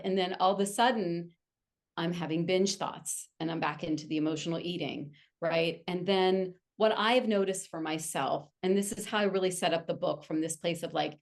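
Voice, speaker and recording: A woman author talking candidly as an interview guest, telling personal stories in an animated way. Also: fairly low pitch. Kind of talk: casual interview chat.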